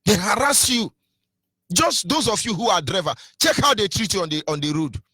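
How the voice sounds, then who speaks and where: A man's voice: high-pitched, sing-song, normal speed, bright, forceful tone, breathy edge, dry recording. A man with a Nigerian accent giving a fiery political sermon on radio, asking rhetorical questions and half-singing some phrases. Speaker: activist radio speaker.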